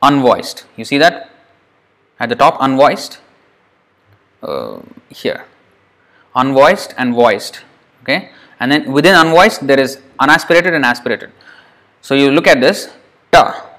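A man's voice: medium pitch, sing-song, fairly bright tone. Man teaching Sanskrit sounds patiently. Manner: patient, repeats sounds slowly for students. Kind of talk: slide-based online lesson.

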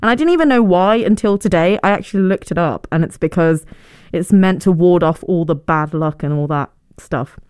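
A woman's voice: fairly low pitch, moderate pace, a little mellow, clear, resonant tone, no echo, clean studio sound. A young woman, hosting a podcast and telling stories in a chatty, self-deprecating way with frequent laughs. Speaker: podcast host. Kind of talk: casual storytelling monologue.

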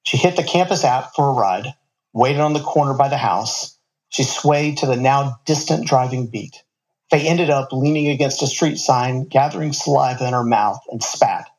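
A man's voice: medium pitch, moderate pace, low-quality recording. A man reading a story aloud, now and then stopping for casual asides to the listener. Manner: casual asides between passages.

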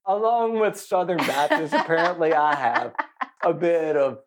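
A man's voice: fairly high pitch, unhurried. A man co-hosting a podcast in casual chat, telling self-mocking stories and stressing unusual words. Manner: animated storyteller who stresses unusual words; self-mocking, laughs often. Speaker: podcast co-host.

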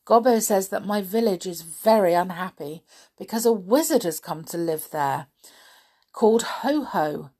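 A woman voicing a small, anxious, gentle male pixie in a storybook reading, talking in breathless, hurried pleas. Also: medium pitch, lively intonation, breathy edge. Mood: worried.

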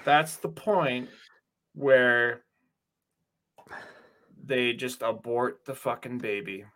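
Slow-talking sarcastic man. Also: medium pitch, a bit bright. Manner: sarcastic, profane, unhurried. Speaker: movie commentator. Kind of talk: casual movie reaction chat.

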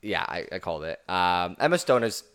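A young man co-hosts a casual podcast in a somewhat low voice. He rambles in a laid-back way and restarts his sentences often. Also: big pitch swings, fairly quick, a bit bright, clean tone. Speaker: podcast co-host. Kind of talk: casual chat.

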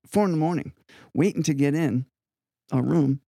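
An older man from Long Island, a guest musician telling rambling, animated stories with frequent asides in an interview. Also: a little high, normal speed, gravelly, dry recording, clean studio sound. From Long Island, New York. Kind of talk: anecdotal storytelling in an interview.

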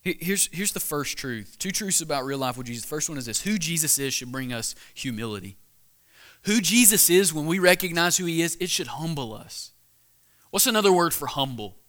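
Bright-voiced young man preaching casually. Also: fairly high pitch, expressive, brisk. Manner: casual, conversational preaching with many restarts and rhetorical questions. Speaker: pastor. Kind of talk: sermon.

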